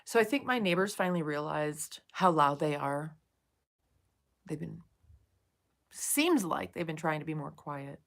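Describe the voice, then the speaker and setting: A woman's voice: deep voice, lively intonation, measured pace, pauses often. Woman, livestreamer, casual chat, cursing, soothing. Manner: chatty, swears freely, soothing with viewers. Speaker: live streamer chatting with viewers.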